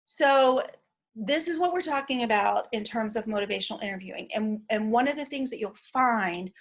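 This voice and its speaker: A woman teaching an online training session, explaining in a measured way with frequent fillers and restarts. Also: on the high side.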